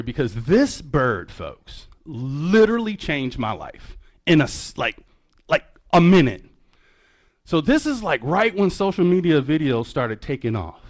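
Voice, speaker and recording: A man giving a keynote talk as a birder and educator, telling a story with lively energy, calling the audience folks and acting out his own reactions. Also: a little high, no echo. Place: museum event hall.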